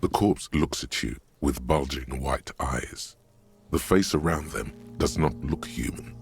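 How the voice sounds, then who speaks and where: Game narrator: a rumbling bass voice, grave and unhurried. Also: male voice, gravelly, faint music behind, heavily acted. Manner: slow, grave, vivid descriptions. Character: ominous male narrator inside the hero's head.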